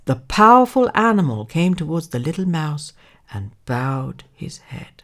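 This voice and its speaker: A woman reads a children's fable slowly, her low voice rising and falling in a very lively way. She tells it with drama and drops to a hush at times. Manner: expressive, dramatic, sometimes hushed. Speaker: storyteller. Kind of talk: children's story narration.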